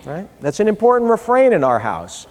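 A middle-aged public speaker with a high, a little mellow voice that swoops wildly in pitch talks fairly quickly. He tells a funny family story conversationally during a speech, voicing the people he quotes, as the long reverb of a large hall rings behind him.

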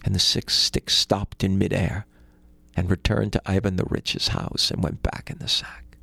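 Male storyteller, gravelly, dry close recording. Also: sits low, flat delivery, normal speed, sharp tone, no room sound, in a whisper. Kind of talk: folktale storytelling.

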